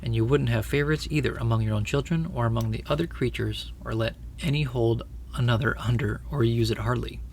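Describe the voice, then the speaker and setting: A man voicing a great, kingly male lion who speaks in a grave, measured, commanding way. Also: medium pitch, gravelly, a little mellow, a little hiss or hum, lightly acted. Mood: solemn.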